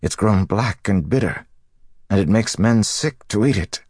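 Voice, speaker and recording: A man voicing a frightened male dockmaster who speaks in a taut, hushed, pleading way. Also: fairly low pitch, expressive, measured pace, husky, no echo, studio quality, pitched above the performer's own voice.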